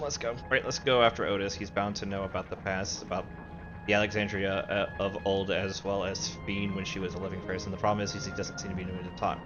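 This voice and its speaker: A man streaming a video game, rambling casually, swearing and mocking himself as he plays. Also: low voice. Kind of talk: casual live game commentary.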